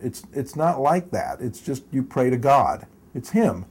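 Older guy telling old stories in an interview, husky dark voice, rambles and laughs a bit. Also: mid-range voice, sing-song, measured pace. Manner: rambling, self-correcting, chuckles while telling stories. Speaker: interview guest. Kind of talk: storytelling in a long interview.

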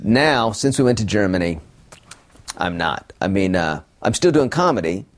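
A middle-aged man from Utah, a stand-up comedian, telling wry bits with punchlines, then chatting in an interview. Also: normal speed. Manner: animated, wry, pitch swooping up on punchlines.

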